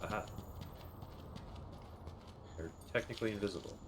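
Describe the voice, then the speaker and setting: A man's voice: lowish voice, normal speed, background noise. Swearing young man muttering over gameplay. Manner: muttering to himself, swears often, talks to the game. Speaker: streamer. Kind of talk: casual gameplay commentary.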